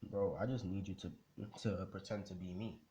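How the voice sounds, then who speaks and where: Cocky boy genius read by a man in his own deep voice, easygoing and slangy, faint hiss. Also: fairly even intonation, moderate pace, mellow, natural voice. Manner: casual, reassuring, slangy.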